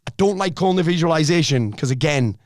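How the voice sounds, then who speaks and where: A middle-aged man, a life coach on a podcast, talking in a blunt, energetic way and swearing freely. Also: on the high side, fast, no room sound, studio quality. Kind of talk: casual podcast conversation.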